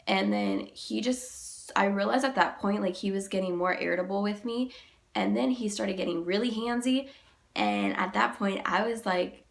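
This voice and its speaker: A young woman vlogger, sick and deeper-voiced than usual, retelling a personal story in a halting, emotional way, full of "like". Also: big pitch swings, gravelly.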